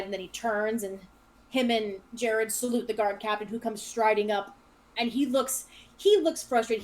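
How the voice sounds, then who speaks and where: A woman's voice: mid-range voice, slight background noise, low-quality recording. Woman narrating as game master. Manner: loose descriptive narration with restarts.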